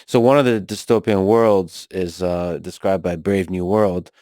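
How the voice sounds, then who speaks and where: A man hosting a podcast conversation, reflective and halting, often restarting his sentences. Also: sits low, steady tone, mellow, no room sound, clean studio sound. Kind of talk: casual discussion.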